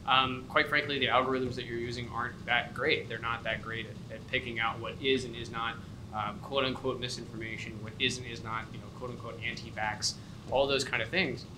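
A man's voice: medium pitch, little pitch movement, a little fast. Man mulling things over, noisy recording. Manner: thoughtful, lots of fillers like you know and um. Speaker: podcast co-host. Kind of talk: casual podcast discussion.

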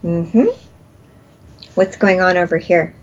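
A woman's voice: fairly low pitch, steady tone, takes it slowly, highs cut off. Woman leading a healing session. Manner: soothing, repeats breathing cues, laughs often. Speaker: energy healer.

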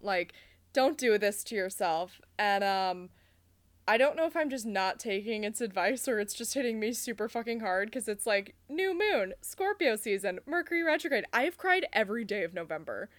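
Lively, animated young woman chatting. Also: mid-range voice, moderate pace. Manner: animated, swearing, laughing often. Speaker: podcast co-host. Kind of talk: casual chat.

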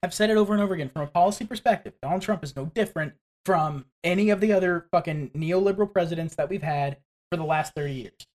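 A woman's voice: fairly low pitch, fast talker, darkish tone. Woman co-host, blunt and profane, casual talk. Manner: blunt, swears freely, repeats herself. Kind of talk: casual political chat.

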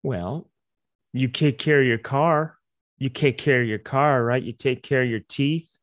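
A man with a medium-pitched voice co-hosts a comedy podcast, talking in a laid-back, playful way. His voice is recorded close and dry, with no room sound. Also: unhurried, no echo. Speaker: podcast co-host. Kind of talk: casual comedic chat.

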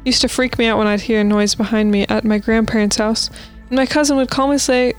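A woman's voice: fairly high pitch, steady tone, fast, hardly any pauses, soft background music. A woman co-hosting a podcast, reading listener stories aloud in a casual, playful way with asides. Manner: reads posts aloud with playful asides and laughs.

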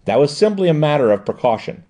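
A man's voice: fairly high pitch, sing-song, mellow, voice pushed up. A man reading a composed woman detective. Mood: explaining. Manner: precise, measured explaining.

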